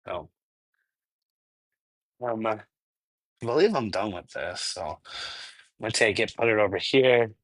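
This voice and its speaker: A man's voice: lowish voice, unhurried, long pauses, a bit bright, no echo, low-quality recording. A man from Minnesota hosting a casual live cooking stream from his home kitchen, chatty and rambling, laughing often and answering chat. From Minnesota, US Midwest. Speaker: cooking channel host.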